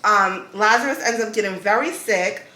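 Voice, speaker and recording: A woman's voice: mid-range voice, moderate pace, bright, forceful tone, reverberant, a little hiss or hum. A woman hosting a podcast, telling stories casually with slang and laughter. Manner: loose storytelling with slang and laughs. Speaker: podcast host. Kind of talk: casual chat.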